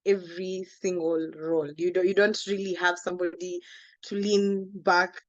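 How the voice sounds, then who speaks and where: Woman, lowish voice, reassuring tone, dry dull lo-fi sound. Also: normal speed, no room sound. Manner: reassuring, gentle. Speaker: panelist. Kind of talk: panel talk.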